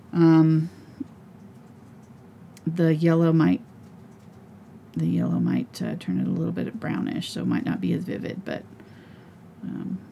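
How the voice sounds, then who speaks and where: Soft, breathy woman teaching painting. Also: lowish voice, muffled recording, slight background noise. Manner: mumbling to herself. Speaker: painting instructor. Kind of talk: live painting tutorial.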